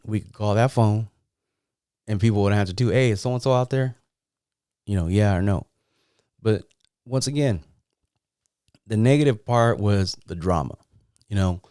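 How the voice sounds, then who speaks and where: A middle-aged man from San Jose with a low, warm voice tells loose, profane stories about the old days. His tone is smooth and clean, and the sound is close and dry with no room around it. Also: no room sound. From San Jose, California. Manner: rambling, profane, streetwise. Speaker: podcast host. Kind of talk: casual storytelling.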